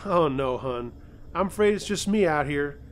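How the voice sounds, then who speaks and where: Man voicing a folksy old Southern woman, drawling, higher and louder, lively pitch. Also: moderate pace, a little hiss or hum, close to an everyday voice. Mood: folksy concern. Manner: folksy, calls people hun and baby. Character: friendly old woman living by a campground gate.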